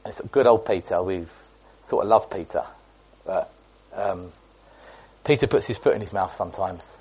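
A man's voice: deep voice, normal speed, darkish tone, slightly rough, lo-fi sound. A man giving an informal Bible teaching in a chatty way, restating points and restarting often. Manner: chatty, repetitive, with many restarts and asides.

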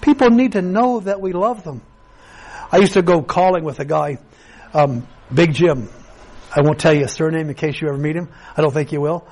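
Male pastor, earnest sermon, slightly high-pitched voice, stumbling restarts, conversational preaching. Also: moderate pace, a little mellow, rough recording. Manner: earnest, often repeats and restarts words.

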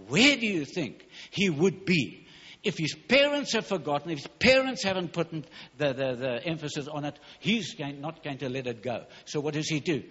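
Male preacher, husky voice, emphatic and rushed, dull hall recording. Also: on the high side, fairly bright tone. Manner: fervent, emphatic, rushing with stumbles. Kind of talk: sermon.

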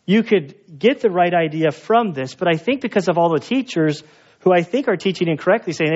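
A male pastor with a fairly high voice delivers a sermon in a loose, chatty storytelling manner. The recording sounds somewhat dull and lo-fi, with a muffled top end. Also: expressive, brisk. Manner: casual storytelling, conversational with fillers.

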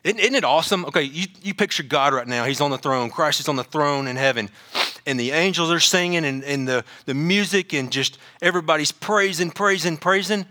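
A man preaching a sermon, animated, joking at times and often repeating words. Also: a little high, a little fast. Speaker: pastor.

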